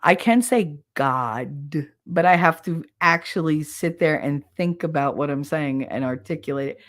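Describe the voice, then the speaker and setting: Woman streamer, New Jersey accent, slightly low voice, casual and blunt, reads chat aloud between laughs. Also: moderate pace. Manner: blunt, laughs often, swears freely. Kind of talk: casual live-stream chat, reading comments.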